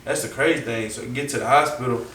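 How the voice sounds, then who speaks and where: Animated young man with a southern accent, off-mic. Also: medium pitch, quick pace, far from the mic. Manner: animated, acts out quotes, heavy slang and profanity. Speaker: interview guest. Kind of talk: casual storytelling. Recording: roomy echo, off-mic, faint background noise.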